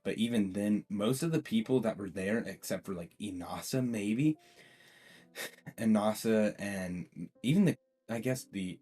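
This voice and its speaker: Faint guitar music plays behind a man whose low-sitting voice is a little mellow and husky. Hosting a fan-theory video, he spins a what-if story in a loose, rambling, chatty way packed with fillers and restarts.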